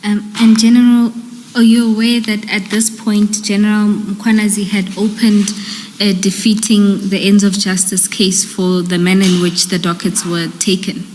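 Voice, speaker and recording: A woman's voice: mid-range voice, little pitch movement, normal speed, a little mellow, big-room sound, slight background noise, low-quality recording. A woman, an evidence leader questioning a witness at an inquiry in a polite, procedural manner.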